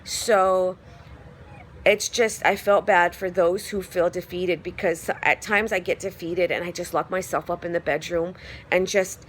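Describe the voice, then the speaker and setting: A woman's voice: on the low side, steady tone, measured pace, slight background noise. A woman giving a casual phone vlog update, telling her story in a rambling way with lots of fillers. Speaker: vlogger.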